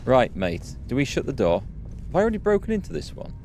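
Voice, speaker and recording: A man's voice: mid-range voice, huge pitch swings, quick pace, creaky, a little mellow, slight background noise. A man hosting a let's play, chatting and laughing through his commentary. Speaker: gaming video host.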